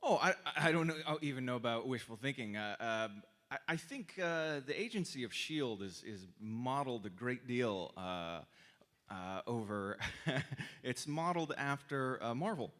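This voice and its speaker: A man's voice: medium pitch, animated, moderate pace, fairly bright tone. A man, an actor guest on a convention panel, answers fan questions hesitantly with many ums and self-deprecating laughs. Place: convention stage.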